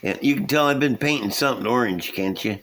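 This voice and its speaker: Quick-paced and fairly bright, at medium pitch, the middle-aged man chats casually as he shows his model builds at an indoor workbench. He's a scale model builder hosting a channel, and his talk is folksy and rambling, with chuckles at himself.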